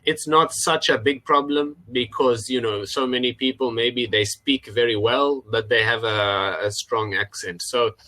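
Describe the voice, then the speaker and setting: A man's voice: mid-range voice, unhurried, hardly any pauses, pushed and bright. A man teaching English pronunciation in an online lesson, patiently repeating words for his student. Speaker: English tutor. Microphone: video call.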